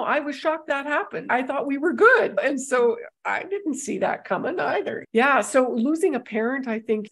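A woman hosting an interview, speaking reflectively about her own experience. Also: on the high side. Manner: reflective, then animated and laughing. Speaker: podcast host, interviewer. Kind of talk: casual interview conversation.

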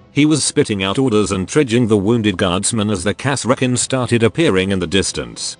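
A man's synthetic text-to-speech voice reading a military science-fiction story as narrator in a flat, even manner. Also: fairly low pitch. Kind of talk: scripted narration.

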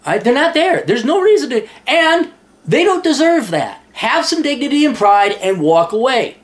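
A man's voice: extremely high pitch, big pitch swings, normal speed. A man hosting a casual advice show, blunt and profane, reading a listener's letter and answering it. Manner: reads listener's letter aloud. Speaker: advice podcast host.

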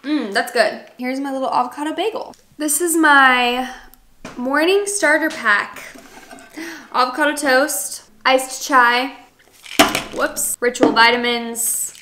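Talking to camera in a casual vlog, a young adult lifestyle vlogger and podcast host fills her chatter with "like." Her high voice sounds pushed and bright, with fairly even intonation at a moderate pace, over a faint hiss or hum.

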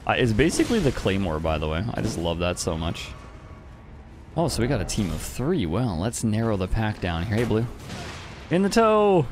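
A man's voice: on the low side, big pitch swings, a little fast, background noise. A man streaming an online game, giving casual commentary in a playful, teasing way with frequent chuckles.

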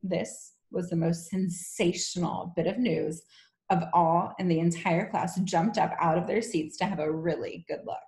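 A woman teacher reading a children's novel aloud to her class in an expressive, gentle way. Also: lowish voice, moderate pace, creaky. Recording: echoey room.

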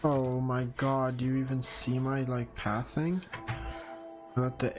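A man streaming a video game with casual commentary, excitable, swearing often and yelling when frustrated. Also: mid-range voice, slow, faint music behind.

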